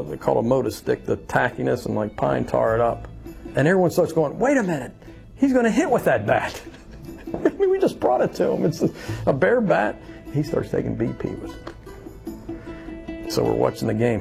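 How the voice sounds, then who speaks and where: A man from Louisiana tells his story with a gravelly edge to his voice, animated as he acts out what other people said. Music plays steadily behind him. He speaks as a guest, a baseball bat maker. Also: mid-range voice. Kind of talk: storytelling interview.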